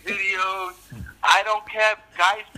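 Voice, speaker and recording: A Dutch-native man speaking English on a phone call, teasing his friend with deadpan jabs. His voice is high for a man. A clear crowd is heard behind him on the line. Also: slow. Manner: mocking, deadpan jokes.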